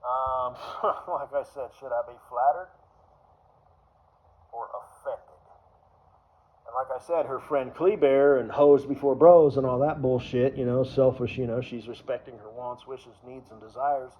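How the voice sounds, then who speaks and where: A man's voice: medium pitch, steady tone, unhurried. A man rambling through a crude personal story, full of fillers, trailing off into mumbles. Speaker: vlogger. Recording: dull lo-fi recording.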